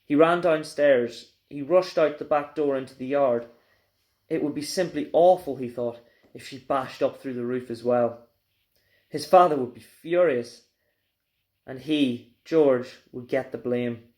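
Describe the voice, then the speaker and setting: A man's voice: medium pitch, measured pace. A male teacher reading a children's book aloud, telling it expressively. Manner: expressive storyteller.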